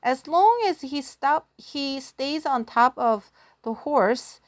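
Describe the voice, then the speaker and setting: A woman's voice: high-pitched, animated, takes it slowly, dry recording, clean studio sound. A woman, a teacher retelling a folktale in a casual, giggly, self-deprecating way while she draws. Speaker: language teacher. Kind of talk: casual storytelling lesson.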